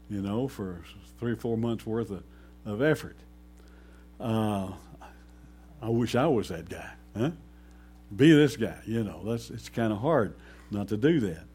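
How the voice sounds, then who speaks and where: A man preaching a sermon slowly and emphatically, pausing often and rising to sudden loud peaks. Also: fairly low pitch, a little hiss or hum. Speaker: pastor.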